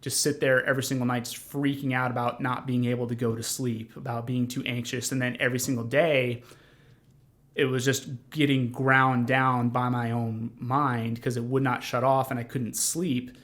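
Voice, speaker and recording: A man's voice: medium pitch, little pitch movement, moderate pace, fairly bright tone. A young man telling his own story as a podcast guest, earnest and rambling, with many fillers and restarts. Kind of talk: conversational storytelling.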